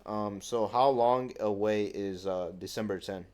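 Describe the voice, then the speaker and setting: A man's voice: on the low side, a little mellow, smooth. Slangy eighteen-year-old guy venting. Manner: casual slangy talk, says bro a lot, swears freely; acts out other people's lines in quick quoted voices. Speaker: vlogger. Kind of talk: casual venting monologue.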